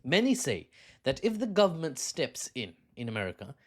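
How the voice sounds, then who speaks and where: A man's voice: fairly high pitch, sing-song, normal speed. A man giving a casual, rambling news commentary, cracking jokes and laughing at his own asides.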